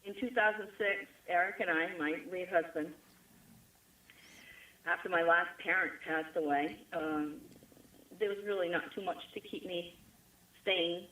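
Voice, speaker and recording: A woman's voice: fairly low pitch, steady tone, unhurried, pauses often, sharp tone, low-quality recording. A middle-aged woman from Rhode Island with a New England accent, chatting as a guest and repeating words for emphasis. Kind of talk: conversational interview.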